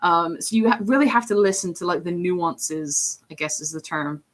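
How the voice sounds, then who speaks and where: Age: unknown. Sex: woman. Role: streamer and voice actor. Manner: rambling chat, somewhat low voice. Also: moderate pace. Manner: rambling, chatty, drops into put-on voices. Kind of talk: casual chat while drawing on stream.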